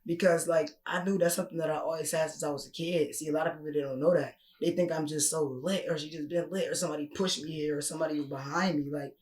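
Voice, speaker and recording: Young guest rapper, aave, kinda high voice, chill and reflective, roomy echo. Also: male voice, steady tone, fast talker, hardly any pauses, darkish tone. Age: 20s. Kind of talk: casual podcast chat. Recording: echoey room.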